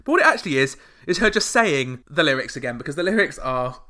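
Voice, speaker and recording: A man hosting a comedic podcast, full of sarcastic deadpan asides. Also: on the high side, fast. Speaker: podcast host.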